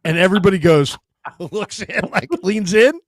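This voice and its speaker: A man hosting a sports talk show in casual chat, telling stories with lively acted-out quotes. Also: high voice, normal speed, no echo, studio quality. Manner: animated storyteller, acts out quotes.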